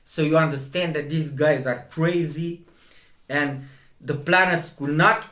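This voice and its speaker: A man with a Romanian accent, a video host giving a slow, emphatic, argumentative commentary monologue, his pitch jumping up when scornful. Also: a bit bright. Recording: echoey room.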